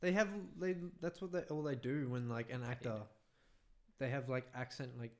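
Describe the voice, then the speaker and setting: A man's voice: medium pitch, normal speed. A young man, co-hosting a podcast, laid-back and laughing often, with casual swearing. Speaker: podcast co-host. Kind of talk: casual chat.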